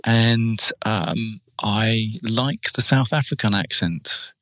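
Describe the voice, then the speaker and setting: A man with a British accent co-hosting a podcast, genial and good-humoured with thoughtful pauses. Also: on the low side, sharp tone, no room sound, lo-fi sound. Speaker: co-host. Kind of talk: casual group chat on a podcast.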